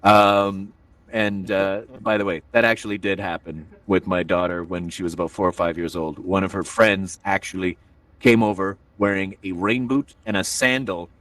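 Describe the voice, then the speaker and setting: A man's voice: deep voice, steady tone, normal speed, fairly bright tone, no echo, recorded from a distance. A man hosting a stand-up comedy show in a virtual reality room, rambling and self-deprecating, with many filler asides.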